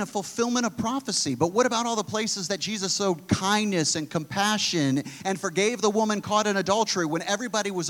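A man's voice: high-pitched, fairly bright tone. A man preaching a conversational sermon in an earnest way, often restarting his sentences as he thinks aloud.

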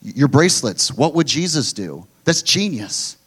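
Middle-aged man, pastor, sermon delivery, forceful emphasis with quiet low drops. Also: sing-song, normal speed, breathy edge. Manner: emphatic preaching, swinging between loud high pushes and low quiet drops.

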